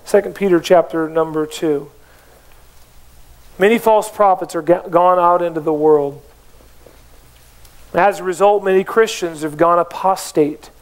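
High-voiced preaching man. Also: measured pace, pauses often. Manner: emphatic preaching with repeated rhetorical questions to the congregation. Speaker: pastor. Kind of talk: sermon. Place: church.

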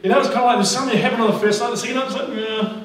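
A man preaching a lively, exclamatory sermon as a pastor, often laughing as he talks. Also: very high voice, racing. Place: large church auditorium. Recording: very echoey hall, mic at a distance.

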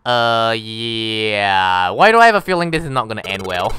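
A man's voice: mid-range voice, very animated, a little slow, sharp tone, a little hiss or hum. A man giving casual let's-play commentary, exasperated and swearing mildly at the game. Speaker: gamer.

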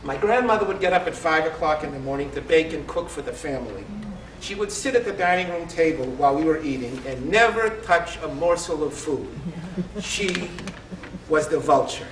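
A man in his sixties telling a comic family story at a live reading, with a wry, punchline-driven delivery and a rather high voice. He is heard from a distance in an echoing room with faint background noise. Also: animated, normal speed. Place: live event in a store showroom. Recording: echoey room, distant mic.

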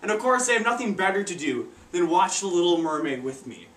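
A teenage boy performs an amateur stand-up routine, stumbling awkwardly and using many fillers. His voice sits high with big pitch swings, a little fast and fairly bright, taped from far off in an echoey room.

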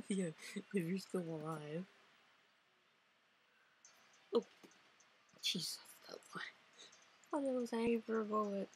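A woman's voice: mid-range voice, expressive, moderate pace, long pauses, darkish tone, a little hiss or hum, low-quality recording. A woman playing a visual novel, reading its lines aloud and chatting about them in a rambling, playful way. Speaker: let's play narrator.

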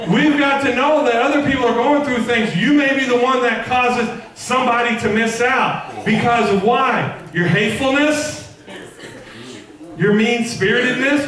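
A pastor preaching an animated, jokey sermon and acting out the voices of others. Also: male voice, very high voice, normal speed. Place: large church sanctuary. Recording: echoey church hall, mic far off, congregation audible.

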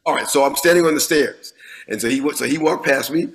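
A man in his fifties, a guest musician telling a lively story in an interview, swearing freely and often restarting with repeated words. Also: fairly high pitch, fast talker, poor audio.

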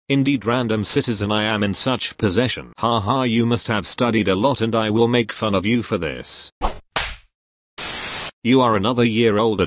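Deep-voiced man, stiff formal comedy dub. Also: dry recording. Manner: formal, overly wordy delivery. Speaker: voice actor dubbing a comedy sketch parody. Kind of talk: comedic dub of cartoon sketches.

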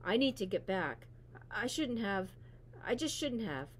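A woman reading aloud, voicing a drunk teenage girl who slurs her words and drags them out slowly. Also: mid-range voice, sing-song, a little hiss or hum. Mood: tipsy. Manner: slow, slurred and sing-song.

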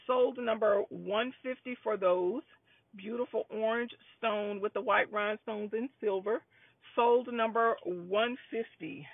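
A woman's voice: a little high, dry recording. A woman running a live jewelry sales stream, chatty and upbeat, calling out lot numbers over and over. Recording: dry, phone-like lo-fi sound.

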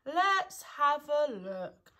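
A woman voicing a gloomy, mournful old male donkey, drawing out each word slowly. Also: high-pitched, very animated, sharp tone, pitched above the performer's own voice, full character voice. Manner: slow, drawn-out, gloomy delivery.

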